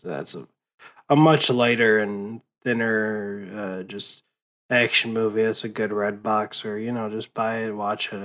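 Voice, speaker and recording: Slow-talking, exhausted young man rambling. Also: mid-range voice, poor audio. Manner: rambling, profane, with many restarts and fillers. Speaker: vlogger. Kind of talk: casual late-night monologue.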